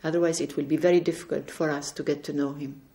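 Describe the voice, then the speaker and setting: A woman giving an earnest spiritual testimony at home, gently recounting conversations. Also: sits low, little pitch movement, fast talker. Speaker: religious speaker. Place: indoors at home.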